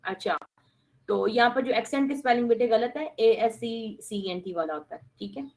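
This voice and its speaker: A woman's voice: a little high, racing, a little mellow, poor audio. A woman teaching an online class, mixing with Hindi-Urdu phrases and speaking as she addresses her students directly. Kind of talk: online English lesson.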